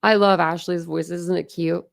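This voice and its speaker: With a lowish, creaky voice, steady tone and normal pace, a young woman running a true crime channel talks loosely with her livestream viewers. Her rambling speech is peppered with "like"s and restarts.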